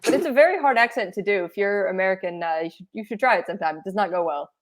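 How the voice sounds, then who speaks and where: Woman telling stories in lively podcast chat. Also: mid-range voice, rapid-fire. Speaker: podcast co-host. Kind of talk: casual chat.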